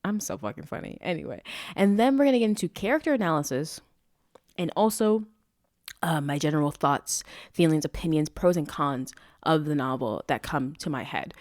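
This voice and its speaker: A woman's voice: low-pitched, expressive, brisk, a little mellow, dry recording, clean studio sound. A young woman hosting a podcast, reviewing a novel in a rambling, self-interrupting way with frequent swearing. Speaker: podcast host. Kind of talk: casual book review monologue.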